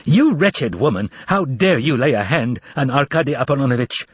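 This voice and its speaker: A man playing a haughty shrill wife. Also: lively intonation, husky, no echo. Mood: shrieking. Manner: haughty and quick.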